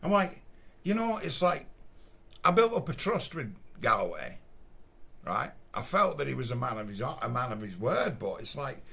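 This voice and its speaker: A man's voice: medium pitch, very animated, normal speed, gravelly, sharp tone, breathy edge. A man with a Northern English Lancashire accent, telling a story bluntly and casually, swearing often and acting out what others said. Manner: blunt, swears often, acts out quoted voices.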